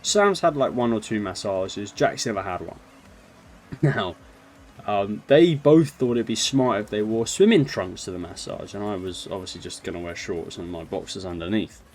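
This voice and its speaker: A man's voice: lowish voice, lively intonation, moderate pace, darkish tone, a little hiss or hum. A young man casually telling a funny holiday story, laughing and mocking himself along the way. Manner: chatty, laughs through his story, self-mocking. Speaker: storyteller vlogger.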